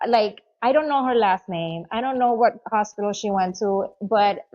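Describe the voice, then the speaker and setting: Middle-aged woman guest, lively storyteller, lots of "you know", kinda muffled lo-fi sound. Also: medium pitch, normal speed. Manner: animated, acts out quoted voices, many "you know"s. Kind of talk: casual storytelling interview.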